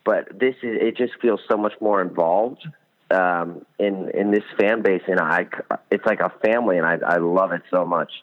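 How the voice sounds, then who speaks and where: A man's voice: low-pitched, normal speed. A young man, a band's musician, chatting casually in an interview, rambling with lots of fillers. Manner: rambling, many fillers, enthusiastic. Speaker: band musician, guest. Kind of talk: casual interview over phone. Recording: tinny phone line.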